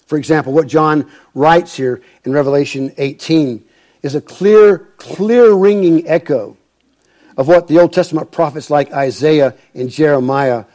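A man's voice: fairly high pitch, unhurried, darkish tone. A male pastor reading scripture and preaching a sermon, stressing key words with emphasis.

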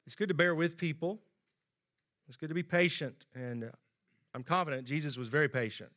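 A man's voice: fairly high pitch, moderate pace, a bit bright. A man preaching a sermon in a conversational way, acting out the quoted lines with rising emphasis.

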